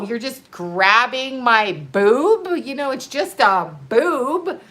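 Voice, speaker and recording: A middle-aged woman telling a story in a casual livestream, animated and profane, laughing often. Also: a little high, takes it slowly. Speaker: live streamer.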